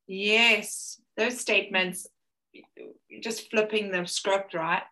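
A woman's voice: mid-range voice, steady tone, slow, sharp tone. A woman hosting a podcast, chatting casually with her guest and reacting with enthusiastic interjections. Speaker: podcast host.

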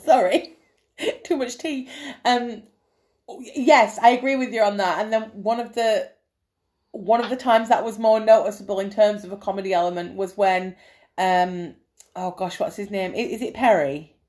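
A woman's voice: mid-range voice, normal speed, darkish tone. A woman co-hosting a casual film review podcast, enthusiastic, laughing often and swearing freely. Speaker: podcast co-host.

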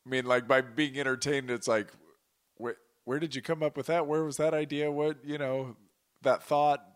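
A man's voice: mid-range voice, fairly even intonation, normal speed, smooth. A man hosting a casual podcast, asking questions in a loose, hesitant way.

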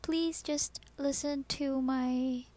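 High-voiced Filipino woman musing softly. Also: fairly even intonation, slow. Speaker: podcast host. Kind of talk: personal podcast monologue.

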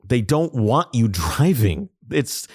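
A man's voice: medium pitch, slow pace, breathy edge, dry recording, studio quality. A man co-hosting a podcast, talking in an emphatic, opinionated way. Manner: animated, emphatic, ranting. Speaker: podcast co-host. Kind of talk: casual opinionated chat.

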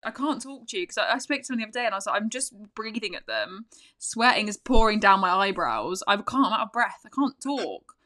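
A woman chatting casually at a rapid clip, hardly stopping to breathe. Her voice is bright and forward, and she laughs easily and swears casually between thoughts. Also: mid-range voice, sing-song. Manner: talks fast, barely pausing for breath. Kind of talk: casual chat.

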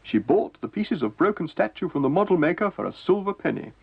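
A man narrating a children's story in a gentle, measured way, with a gravelly, husky voice. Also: sits high, sing-song. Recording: tinny lo-fi 1970s TV audio with faint music.

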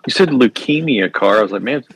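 A man's voice: mid-range voice, expressive, a little fast, noisy background. A man in casual podcast chat, joking in a laid-back way.

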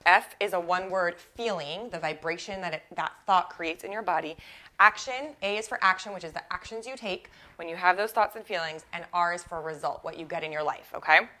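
Bright, chatty woman coaching. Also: on the low side, brisk. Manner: chatty and animated, with frequent "like" and self-corrections. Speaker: life coach and podcast host. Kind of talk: casual solo podcast teaching.

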